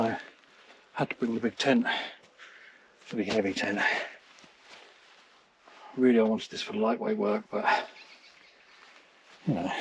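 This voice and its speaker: Recorded with slight background noise, this man's mid-range voice carries a fairly bright tone. He vlogs casually to camera while wild camping on snowy high ground, talking freely and making light of himself, his breath still short from the hike.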